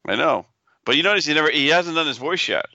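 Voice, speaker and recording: A man's voice: a little high, animated, fast, creaky, bright, forceful tone, no room sound, dull audio. A man co-hosting a casual podcast, giving dry, teasing short replies. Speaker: podcast co-host. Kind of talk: casual chat.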